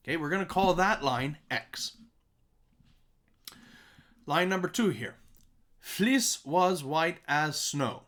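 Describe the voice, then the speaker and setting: A man's voice: mid-range voice, bright, forceful tone. A man teaching a recorded music lesson, chanting nursery rhymes as examples and checking in with "okay?" and "right?".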